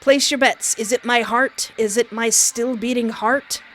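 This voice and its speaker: Animated woman reading a horror game aloud. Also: on the high side, slight background noise. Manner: animated, banters with the game's narrator; dramatic, slowed delivery when reading narration. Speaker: game streamer. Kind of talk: let's play commentary, reading game text aloud.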